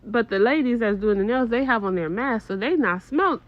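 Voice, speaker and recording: A middle-aged woman telling a casual story to her viewers, animated and swearing, with exaggerated disgust. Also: fairly high pitch, moderate pace, dull audio.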